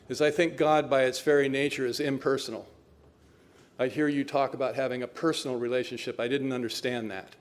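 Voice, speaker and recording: Wry older man sharing his story. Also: medium pitch. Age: 70s. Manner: wry, self-mocking storytelling. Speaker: recovery meeting speaker. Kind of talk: personal recovery talk.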